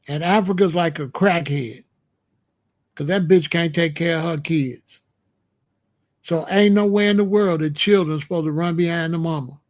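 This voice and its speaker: A man hosting his own livestream, hitting back at the chat in a combative, profane rant. His voice sits fairly high for a man. He mocks viewers by mimicking them. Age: adult. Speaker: livestream host.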